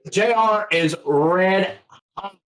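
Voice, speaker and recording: High-voiced man, excited podcast talk. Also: extremely slow, poor audio. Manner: enthusiastic, profane. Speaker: podcast co-host. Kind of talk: casual chat.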